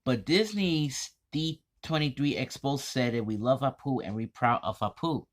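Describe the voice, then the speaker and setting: A man vlogging an indignant commentary, reading text aloud in a halting, stumbling way. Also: medium pitch.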